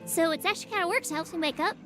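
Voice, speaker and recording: High-voiced, chatty woman streamer. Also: racing, over music. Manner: chatty, playful, tired but upbeat. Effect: voice changer. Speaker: VTuber streamer. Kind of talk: casual gaming livestream chat.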